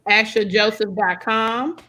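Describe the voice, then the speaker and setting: A woman's voice: mid-range voice, steady tone, a little slow, sharp tone, poor audio. Young american woman, podcast host, chatty, lots of ums. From United States. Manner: chatty, friendly, lots of fillers. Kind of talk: casual video-call podcast chat.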